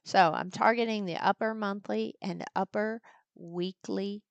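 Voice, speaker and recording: A woman's voice: medium pitch, fairly even intonation, unhurried, creaky, no room sound, highs cut off. A woman who hosts a live trading stream, talking casually through her chart plans and stopping now and then to chat with people around her. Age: older. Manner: chatty, breaks off to talk with her granddaughter. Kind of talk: casual live market walkthrough. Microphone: desktop mic at a computer, screen sharing.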